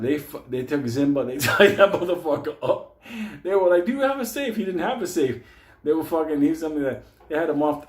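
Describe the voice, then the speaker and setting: A mid-range male voice, reverberant, belongs to a casual storyteller recalling funny episodes with an old friend. His delivery is animated and full of swearing, punctuated by frequent laughs.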